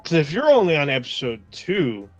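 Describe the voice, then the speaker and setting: A man co-hosting a casual livestream chat, rambling along in a relaxed way and acting out his own reactions. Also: fairly high pitch, moderate pace, no room sound, dull audio, faint music behind. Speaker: podcast co-host.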